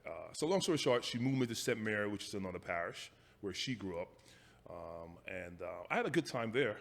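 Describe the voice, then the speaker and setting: A man in his forties from Jamaica with a Jamaican accent, telling stories about his youth in a casual interview, halting and restarting his sentences. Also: on the low side, very animated, vocal fry, in a large hall. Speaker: guest.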